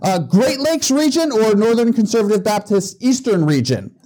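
A man's voice: sits high, big pitch swings, moderate pace, dark tone, slightly rough, voice pushed up, exaggerated voice. A man voicing a petty, zealous Baptist man who tells a joke in an emphatic, rising delivery. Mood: lively.

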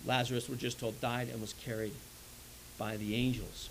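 A man preaching a sermon in an animated way, swinging between loud and soft, often checking in with "right?". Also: mid-range voice, normal speed, a little hiss or hum, poor audio. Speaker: pastor.

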